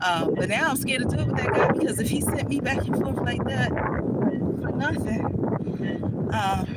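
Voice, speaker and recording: Breathless woman rambling over loud street noise. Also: high-pitched, normal speed. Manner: chatty, rambling, many fillers. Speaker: vlogger. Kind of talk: casual storytelling vlog. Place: outdoors on a street, walking a bike.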